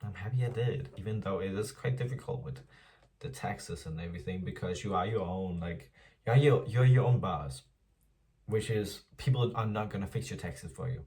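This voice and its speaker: A man's voice: low voice, normal speed, a little mellow, recorded from a distance. A young man talking candidly to his viewers at home in a casual vlog, chatty and open, calling them "girl" and laughing often. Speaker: vlogger. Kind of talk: casual confessional vlog monologue. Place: home apartment.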